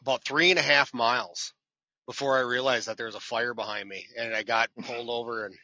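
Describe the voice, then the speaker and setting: A man's voice: medium pitch, a little fast, dry recording, highs cut off. A man, a truck driver guest on a podcast, telling self-deprecating stories in casual chat and acting out the people in them. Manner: self-deprecating, animated storyteller who acts out quotes. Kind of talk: casual storytelling interview.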